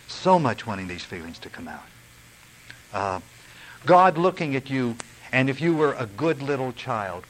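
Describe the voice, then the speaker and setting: A man's voice: mid-range voice, a bit bright, a little hiss or hum, rough recording. An older man giving an earnest, rambling, confessional recovery talk. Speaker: recovery speaker.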